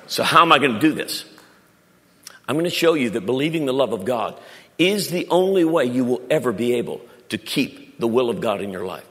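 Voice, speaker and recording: A man preaching a sermon as pastor, animated, with stammered restarts and sudden loud climbs in pitch. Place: church auditorium. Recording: long reverb of a large hall.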